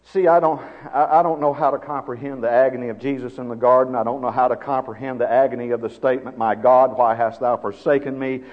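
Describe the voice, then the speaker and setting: A man preaching a sermon, swinging from hushed, slow phrases to loud, emphatic ones. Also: mid-range voice, steady tone. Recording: dull sound with long reverb.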